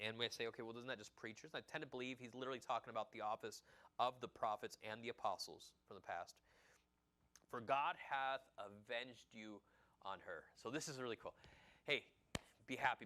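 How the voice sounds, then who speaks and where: A man's voice: medium pitch, sharp tone. A man preaching a midweek sermon in a loose, conversational way, often restarting his sentences. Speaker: pastor.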